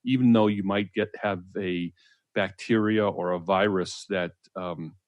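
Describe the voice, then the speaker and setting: Low-voiced man explaining on talk radio. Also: steady tone, unhurried, dry recording, muffled recording. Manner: earnest, explaining, frequent fillers. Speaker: co-host.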